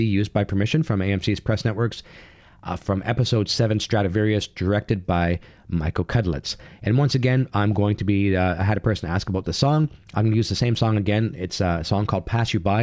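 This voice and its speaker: A man's voice: on the low side, a little mellow, no room sound, clean studio sound. A man hosting his own channel, giving an enthusiastic, rambling recap full of fillers and restarts. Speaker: channel host. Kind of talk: casual TV recap monologue.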